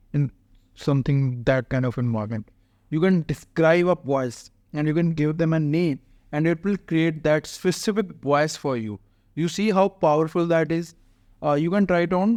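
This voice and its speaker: A man talks viewers through a website as a tech tutorial host, explaining each click step by step with frequent "uh" fillers. His voice sits a little high. The recording is dry and close, with no room sound. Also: a little mellow, no echo. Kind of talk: casual screen-recorded software walkthrough.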